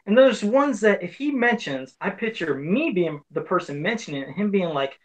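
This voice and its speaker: A man's voice: high-pitched, sing-song, brisk, few pauses. A man co-hosting a casual podcast chat, blunt and swearing, acting out his own reactions. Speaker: podcast co-host.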